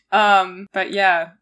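A woman's voice: medium pitch, fairly bright tone. A young woman co-hosting a podcast, chatting casually and reminiscing with frequent laughs. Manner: giggly, reminiscing. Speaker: podcast co-host. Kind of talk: casual chat.

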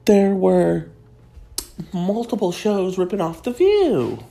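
A woman's voice: mid-range voice, sing-song, slow pace, creaky, warm tone. A woman delivering a sassy, mock-prim comedic gossip monologue as host.

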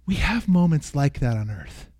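A pastor preaching a sermon with earnest, emphatic repetition, sometimes dropping to a soft near-whisper. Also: male voice, a little high, lively intonation, moderate pace.

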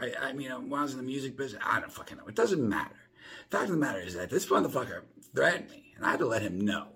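A lively, rambling man, swearing through a casual monologue from his home. His voice is low and very husky, and his pitch swings widely from line to line. He restarts his sentences constantly. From South Florida. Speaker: podcast host.

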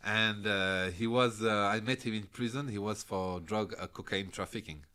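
Guy, middle-aged, bright tense voice, laughs a lot telling his stories. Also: on the low side, normal speed, smooth. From France. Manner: animated storyteller, laughs often, broken English. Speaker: podcast guest. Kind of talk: casual interview chat.

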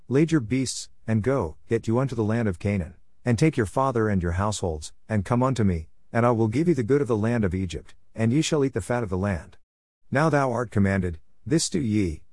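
A man reading scripture aloud in a steady, measured recitation. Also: fairly low pitch, no room sound, clean studio sound. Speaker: scripture reader.

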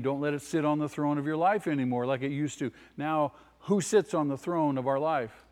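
A male pastor gives an emphatic sermon in a church hall. He repeats his key phrases and puts questions straight to the congregation. His voice carries a long hall reverb around it. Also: medium pitch.

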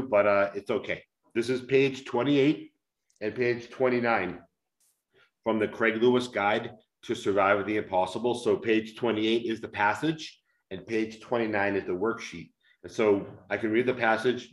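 A man from the United States, an author being interviewed, who speaks slowly and carefully enunciates so he is easily understood, and reads aloud from his book. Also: lowish voice, reverberant, rough recording. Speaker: author and guest.

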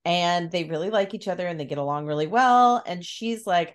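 A woman's voice: lowish voice, brisk, hardly any pauses. A woman co-hosting a casual podcast chat, retelling a book's plot with acted-out lines and frequent laughter. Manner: animated storyteller, acts out characters' lines, laughs often. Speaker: podcast co-host recapping a book.

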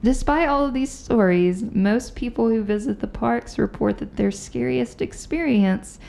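A woman's voice: a little high, a little slow, vocal fry. A woman hosting a podcast, telling ghost stories in a chatty, casual way. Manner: chatty, animated storyteller. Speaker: podcast host. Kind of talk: casual chat, storytelling.

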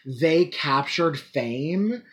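Woman podcast co-host, casual, profane, animated, filler-heavy. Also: deep voice, very slow, dull audio, crowd noise. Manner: animated, swearing, lots of fillers. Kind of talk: casual chat.

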